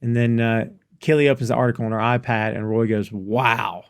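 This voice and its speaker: A man hosting a casual podcast, retelling scenes in an animated way. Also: medium pitch, brisk, clear, resonant tone, no room sound, studio quality. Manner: animated storyteller recounting scenes. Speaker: podcast host. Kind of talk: casual recap chat.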